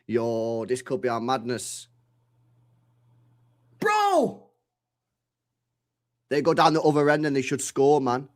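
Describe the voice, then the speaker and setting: A young man live-streaming his reaction to a football match, excitable and slangy, shouting at the screen and swearing. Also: mid-range voice, moderate pace, few pauses.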